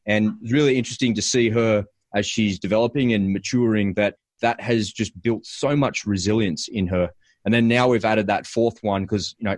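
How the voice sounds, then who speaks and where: Man, lowish voice, relaxed host, dry close sound. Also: a little fast, dry recording. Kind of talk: casual chat.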